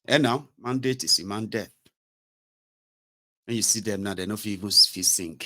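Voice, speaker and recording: A man with a Nigerian accent and a lowish, sharp-toned voice delivers impassioned political commentary at normal speed. He's sarcastic and indignant, slipping into Pidgin and Yoruba phrases.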